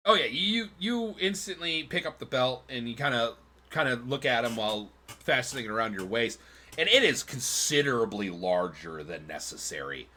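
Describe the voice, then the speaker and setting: A man's voice: medium pitch, animated, normal speed, sharp tone. A man narrating a tabletop game as game master, in a loose, rambling way with many fillers.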